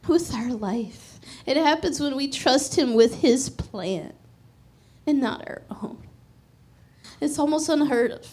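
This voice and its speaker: A middle-aged woman preaching a sermon as personal testimony, telling her story with animated energy, laughing often and acting out the dialogue. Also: sits high.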